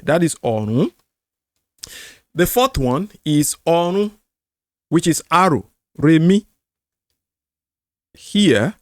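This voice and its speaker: A middle-aged Nigerian man with a Yoruba accent hosts a screen-share language lesson, explaining slowly, repeating words and singing tone syllables. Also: a little high, no echo, clean studio sound. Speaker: apologetics channel host.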